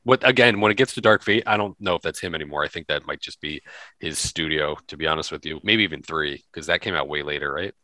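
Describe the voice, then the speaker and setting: A man's voice: rumbling low, fast, pushed and bright, no echo. A man co-hosting a podcast, chatting casually and rambling through lists with lots of fillers. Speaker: podcast co-host. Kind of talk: casual chat.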